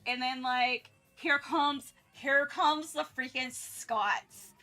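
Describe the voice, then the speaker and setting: A woman's voice: high-pitched, fairly even intonation, slow, pushed and bright, faint music behind. A young woman from North Carolina chatting casually on a livestream, rambling with lots of restarts and fillers. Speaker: art streamer.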